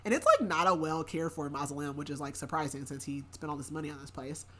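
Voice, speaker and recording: A woman's voice: deep voice, quick pace. Rambling woman recapping a plot. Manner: rambling, heavy use of filler words. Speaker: book podcast host.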